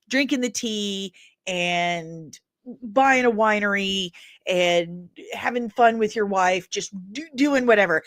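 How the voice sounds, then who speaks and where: A woman in her forties with a Midwestern American accent, hosting a casual pop culture chat in an animated, ranting, jokey way. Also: medium pitch, no room sound, studio quality. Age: 40s. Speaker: pop culture news host.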